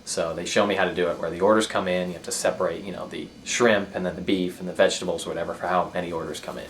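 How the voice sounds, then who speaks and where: A man's voice: low-pitched, steady tone, racing, a little hiss or hum. A man telling a rambling, profane story about himself, laughing at his own mishaps. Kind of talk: casual personal storytelling.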